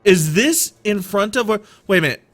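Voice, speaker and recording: A man's voice: sits high, lively intonation, normal speed, fairly bright tone. A man streaming a game, giving rambling, playful, self-deprecating commentary. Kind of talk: casual gameplay commentary.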